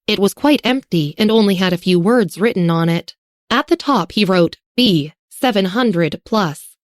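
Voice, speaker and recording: A woman narrating an audiobook in a slow, even reading manner. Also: mid-range voice, no room sound, clean studio sound. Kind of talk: scripted narration.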